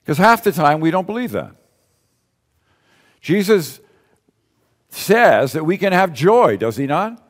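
Male preacher, unhurried sermon delivery, repeats phrases, rhetorical questions, big echoing church. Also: fairly high pitch, big pitch swings. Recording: long reverb of a large hall.

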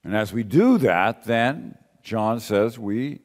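A man's voice: lowish voice, expressive, takes it slowly, a little mellow. A man preaching a sermon in a conversational way, repeating key phrases and asking rhetorical questions. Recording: long reverb of a large hall.

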